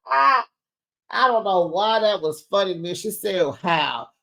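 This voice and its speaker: A woman hosting a casual recap, gossiping in a lively way, calling listeners honey and child, laughing often and acting out what others said. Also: mid-range voice, slow, creaky. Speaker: recap host.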